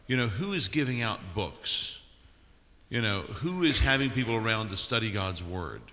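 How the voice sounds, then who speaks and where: A pastor on a conference panel, a man speaking calmly as he gives advice. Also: fairly low pitch, normal speed. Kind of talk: panel discussion. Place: large conference hall. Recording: reverberant conference hall.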